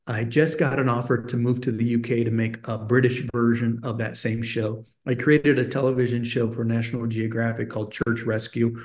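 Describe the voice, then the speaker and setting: Animated storytelling man in his forties. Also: mid-range voice. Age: 40s. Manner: animated anecdote teller, acts out dialogue. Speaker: guest. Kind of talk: conversational storytelling.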